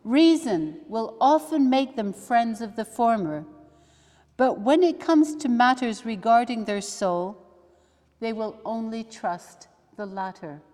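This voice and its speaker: A woman, a religious sister, leading a study day, talking slowly and thoughtfully with soft asides as she reads aloud. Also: fairly high pitch, animated. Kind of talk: reflective teaching talk with readings. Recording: long hall reverb.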